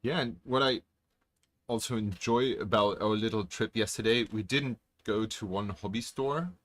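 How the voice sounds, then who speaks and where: A man co-hosting a casual video-call chat, relaxed and thoughtful with many fillers. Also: lowish voice, normal speed. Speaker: podcast co-host.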